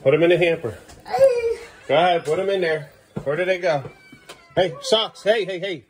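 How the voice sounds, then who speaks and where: A man's voice: fairly high pitch, moderate pace, slight background noise. A father in a casual family vlog at home in the kitchen, coaxing his children and then getting firm with them, while turning to the camera for chatty asides. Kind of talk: family vlog narration while caring for kids.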